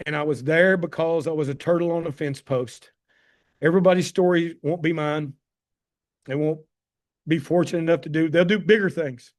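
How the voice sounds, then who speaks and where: A man in his fifties with a Southern Tennessee drawl and a fairly high-set voice. He tells personal stories warmly and with emphasis, and he keeps calling his listeners "guys." His manner is folksy and heartfelt. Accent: Tennessee Southern American. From Tennessee, USA. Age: 50s. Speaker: addiction medicine doctor giving a talk. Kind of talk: personal storytelling presentation on a call.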